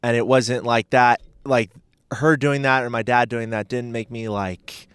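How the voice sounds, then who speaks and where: A man's voice: medium pitch, fairly even intonation, measured pace, smooth, no echo. A man chatting casually as a podcast guest, rambling and hesitant with lots of filler words.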